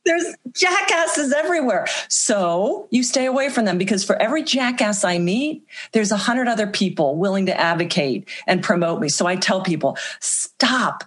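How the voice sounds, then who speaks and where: A woman's voice: mid-range voice, animated, moderate pace, hardly any pauses. A woman speaking as an interview guest, giving earnest, plain-spoken advice and telling stories in casual conversation. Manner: earnest, storytelling, faith-based advice.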